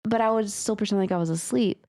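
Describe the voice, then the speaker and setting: A woman's voice: mid-range voice, quick pace. Chatty young woman co-hosting a podcast. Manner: chatty and animated, laughs often, speeds up when telling anecdotes. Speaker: podcast co-host. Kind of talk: casual chat about submitted stories.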